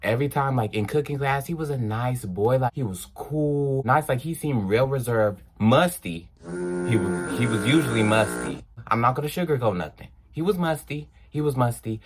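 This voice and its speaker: An animated young man recounting a story to his viewers, his pitch swinging widely as he acts out the scene. His talk is loose and casual, with quick asides and drawn-out exclamations. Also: background noise. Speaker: vlogger.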